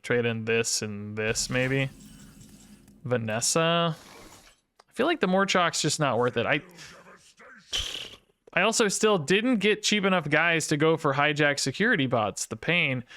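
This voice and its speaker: A man's voice: on the high side, bright, forceful tone, clear, resonant tone. A young man hosting a gameplay video, talking through his moves in rambling, self-questioning casual commentary that swings into mock anger.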